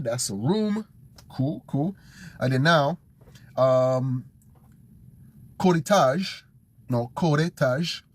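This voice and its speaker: A man learning Polish, thinking aloud and slowly repeating words to memorize them. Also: mid-range voice. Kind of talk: casual self-study vlog.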